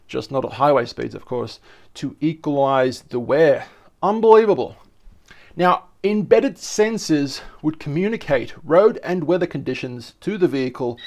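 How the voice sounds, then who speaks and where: A man's voice: a little high, slight background noise. A man hosting a casual tech vlog, rambling and joking as he reads an article aloud and stumbles over words. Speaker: tech vlogger.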